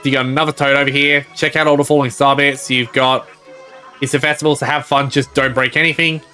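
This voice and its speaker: Bright-voiced man rambling over gameplay. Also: mid-range voice, little pitch movement, a little fast, faint music behind. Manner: rambling, reads game dialogue aloud. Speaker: game streamer. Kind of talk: casual gameplay commentary.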